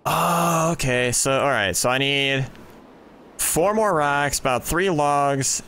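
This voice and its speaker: A young man giving excitable let's play commentary, thinking aloud and exclaiming as he plays at home on a desk mic. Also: a little high, slow, clean tone. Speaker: gaming YouTuber.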